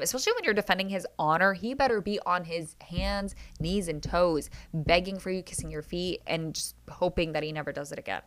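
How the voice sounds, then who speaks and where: A woman's voice: on the low side, a bit bright. A young woman hosting a solo podcast who recaps reality TV episodes in a chatty, opinionated way and keeps calling her listeners guys. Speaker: podcast host.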